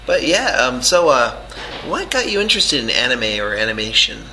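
A man's voice: medium pitch, sing-song, moderate pace, sharp tone, low-quality recording. A man interviewing a guest, easygoing and hesitant, with many fillers. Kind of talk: casual interview questions. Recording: crowd noise behind.

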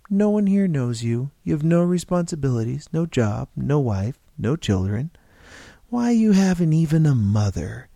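A man doing a calm, knowing little stranger. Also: medium pitch, gravelly, no room sound, full character voice. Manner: patient, gently coaxing, with brisk salesman patter.

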